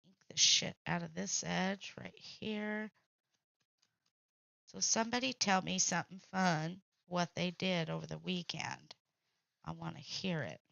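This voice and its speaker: A woman with a lowish, gravelly, somewhat bright voice hosts a casual crafting stream, speaking a little slowly with no echo. The lo-fi audio sounds dull, and her chat is blunt, salty, and full of laughs.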